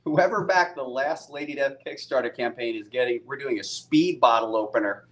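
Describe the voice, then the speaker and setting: A man's voice: mid-range voice, normal speed, fairly bright tone. A man hosting a casual live-stream chat, upbeat and chatty. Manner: upbeat, chatty, laughs often. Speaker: host and comic book publisher. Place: studio set with a bar. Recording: echoey room.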